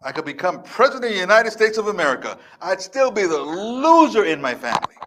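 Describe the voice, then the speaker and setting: A man in his fifties speaking on stage as a life coach, with a slightly high voice. He delivers an emphatic, repetitive motivational speech in a defiant tone. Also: very animated, quick pace, a bit bright. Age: 50s. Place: stage before a live audience.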